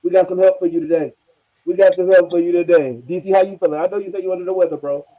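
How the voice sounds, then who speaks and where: A man co-hosting a podcast, bantering loudly and teasing the others in casual profane talk. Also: high voice, steady tone, very fast, crowd noise. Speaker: podcast co-host. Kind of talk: casual chat. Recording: dull lo-fi mic.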